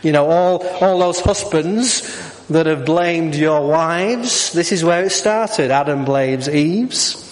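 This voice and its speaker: A middle-aged man delivers a sermon in a church, his slow, fairly high-pitched voice carried by a long hall reverb. He keeps it jokey, asking the congregation questions and working in humor.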